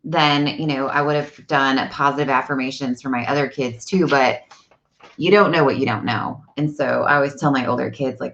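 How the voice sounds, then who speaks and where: Animated low-voiced woman telling stories. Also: normal speed, highs cut off. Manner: animated storyteller. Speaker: vlog host. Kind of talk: casual live-stream chat. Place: home, indoors.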